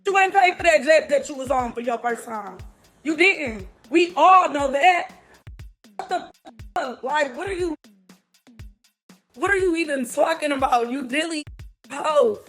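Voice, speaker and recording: A woman's voice: high voice, animated, measured pace, long pauses, fairly bright tone, soft background music. A woman scolding and mocking someone in a profane, angry rant.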